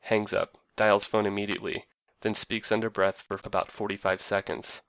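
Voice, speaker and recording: A man reading a scripted narration with a dry, wry deadpan delivery. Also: on the low side, moderate pace, clear, resonant tone, no echo.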